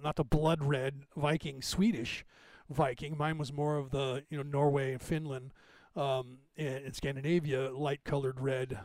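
A man's voice: a little high, a little mellow, no echo. A man in his fifties hosting a podcast, rambling casually through anecdotes and laughing often. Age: 50s. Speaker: podcast host.

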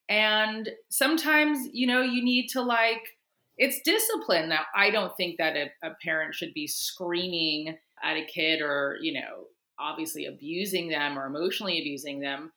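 Woman podcast guest, bright, lively pitch, roomy echo on the line. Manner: lively, expressive, laughs often. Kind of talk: casual chat.

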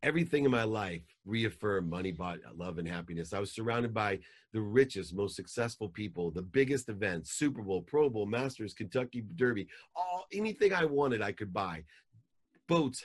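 Deep-voiced man telling a life story. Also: normal speed. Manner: emotional, animated storytelling with rising outbursts. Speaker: podcast guest. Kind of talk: personal storytelling.

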